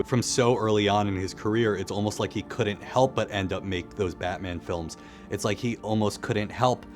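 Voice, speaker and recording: Guy with a lower voice talking films, easygoing and thoughtful, faint music underneath. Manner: conversational, reflective, with casual fillers. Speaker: video essayist. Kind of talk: casual film commentary.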